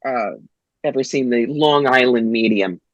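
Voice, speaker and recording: Blunt, lively woman from New York with a dry close sound, for a guest spot. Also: very deep voice, measured pace, no echo, highs cut off. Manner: blunt, animated, funny storyteller. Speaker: psychic, guest. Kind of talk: interview, storytelling.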